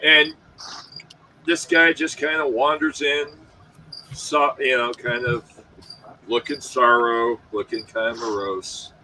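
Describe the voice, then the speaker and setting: A man running a tabletop role-playing game as game master, who laughs often and shouts out the characters' lines. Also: medium pitch, steady tone, slow pace, pauses often, a little hiss or hum, rough recording.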